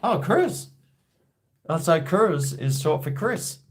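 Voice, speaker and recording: A man's voice: on the high side, lively intonation, slow pace. An Australian man hosting a casual call-in chat, blunt and rambling, with plenty of swearing. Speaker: host.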